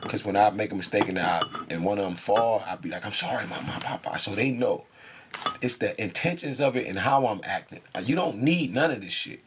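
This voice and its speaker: A man's voice: lowish voice, brisk, background noise. A man speaking in an intense, profane, rambling spiritual monologue, laughing often.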